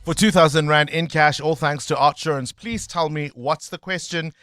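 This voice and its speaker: A man hosting a breakfast radio phone-in quiz, upbeat and quick. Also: a little high, fairly even intonation, a bit bright, smooth, faint music behind. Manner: upbeat, quick host banter. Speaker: radio host. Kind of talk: radio talk show, running a phone-in quiz. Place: radio studio.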